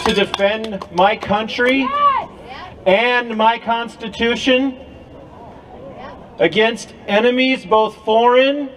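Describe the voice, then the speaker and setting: A man's voice: extremely high pitch, fairly even intonation, takes it slowly, long pauses, noisy background. A man giving an impassioned speech to a crowd at an outdoor rally, with a preacher-like cadence. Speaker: rally speaker.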